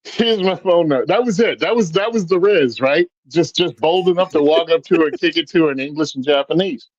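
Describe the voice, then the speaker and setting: A man's voice: on the high side, a little fast, no echo, highs cut off. A man telling stories in casual chat as a podcast guest, acting out the voices of the people he quotes. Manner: animated storyteller, acts out quoted voices.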